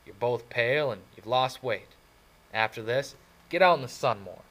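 A man reading an audiobook and voicing a blunt, tough young male greaser with gruff, drawling talk. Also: mid-range voice, lively intonation, normal speed, fairly bright tone, pitched above the performer's own voice, poor audio. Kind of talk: audiobook character voice.

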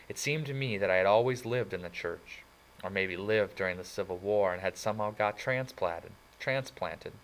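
A man narrating a novel in the first person for an audiobook, in a plain, even storytelling read. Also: sits low, poor audio.

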